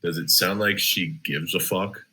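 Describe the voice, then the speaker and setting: Player, deep voiced man, husky, loud and playful. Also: steady tone, a little slow. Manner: loud, questioning, laughing. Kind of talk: casual tabletop play.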